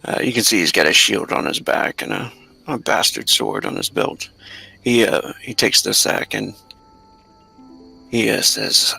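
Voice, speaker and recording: A man narrating as game master in an unhurried, hesitant way, with many fillers. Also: on the low side, sing-song, gravelly, sharp tone, breathy edge, soft background music.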